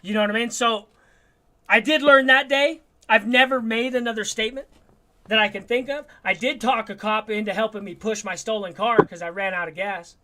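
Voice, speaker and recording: A man's voice: high voice, brisk. A man telling streetwise stories in a casual, swearing chat. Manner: streetwise, swearing, animated storyteller.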